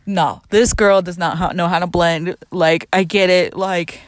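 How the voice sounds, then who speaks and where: A woman's voice: lowish voice, fairly even intonation, unhurried, no echo. Chatty young woman, dry close sound. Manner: chatty, lots of "like", laughs often. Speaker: podcast host. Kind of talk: casual movie recap.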